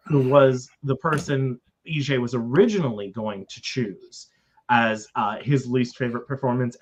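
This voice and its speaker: A man's voice: mid-range voice, fairly bright tone, lo-fi sound. A man co-hosting a live stream movie discussion, talking enthusiastically and rambling with many fillers. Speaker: podcast co-host.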